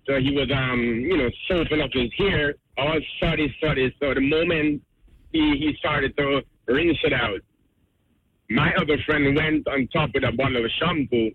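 Friendly trucker calling in on the phone. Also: male voice, medium pitch, normal speed, a little hiss or hum. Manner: friendly, laughs as he tells it. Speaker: caller. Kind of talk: phoned-in storytelling. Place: truck cab on the road. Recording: tinny phone line from a truck.

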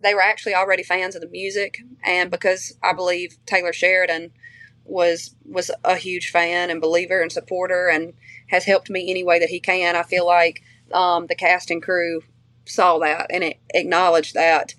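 A woman's voice: fairly low pitch, little pitch movement, normal speed, a bit bright, dry recording. A woman with a strong regional accent, chatting as an interview guest, rambling with fillers and restarts. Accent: strong regional accent she shares with her family. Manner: chatty, many fillers and restarts, laughs easily. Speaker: interview guest, country singer. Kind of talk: casual interview chat.

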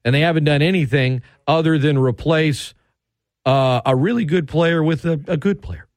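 A man hosting sports talk radio from a studio, ranting with heated sarcasm and sharp emphasis. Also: fairly high pitch, normal speed, no echo.

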